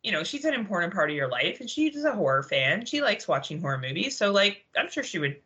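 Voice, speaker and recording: A woman co-hosting a horror podcast in loose, casual chat. Her voice is bright and forceful, her pitch swings in a lively way, and she laughs and swears freely. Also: fast talker, muffled recording. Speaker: podcast co-host.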